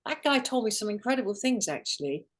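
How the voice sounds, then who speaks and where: A woman's voice: mid-range voice, very animated, quick pace. A woman, a guest in an interview, telling a personal story earnestly with many restarts and fillers. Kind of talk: emotional storytelling.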